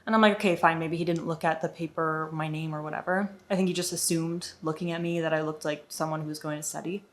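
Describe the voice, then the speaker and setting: A woman's voice: low-pitched, steady tone, fast. A young woman from the United States chatting through an exasperated storytime vlog, with lots of "like". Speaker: vlogger. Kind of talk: casual storytime.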